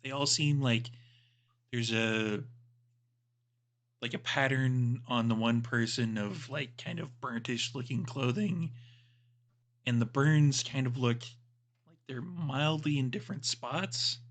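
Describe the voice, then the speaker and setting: A man's voice: medium pitch, takes it slowly, long pauses. A man narrating a tabletop game as game master, describing scenes in a loose, rambling way.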